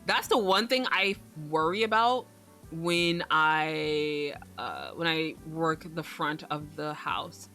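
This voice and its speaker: This young streamer rambles through casual livestream chat, cursing freely and breaking into frequent laughter. She speaks slowly but animatedly, in a low-sitting voice with a sharp edge, while faint music plays behind her.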